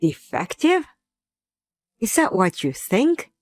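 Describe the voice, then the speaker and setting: A woman voices a young wife in a wheelchair, patient and soft-spoken even when wounded. Her voice sits at a medium pitch and sounds dry and close, with no room around it. She talks in a gentle, pleading way in a scripted drama. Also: slow, no room sound. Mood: hurt.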